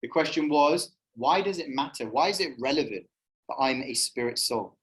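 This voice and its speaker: A man's voice: medium pitch, expressive, normal speed, a bit bright, poor audio. A man leading a spiritual discussion session in a casual, conversational way, with many fillers and frequent questions to his audience in the room and online. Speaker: spiritual society session leader.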